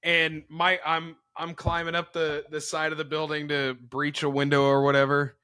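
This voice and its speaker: A man co-hosting a podcast in casual chat, telling stories in an animated, loud way and swearing. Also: on the high side, no room sound. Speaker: podcast co-host.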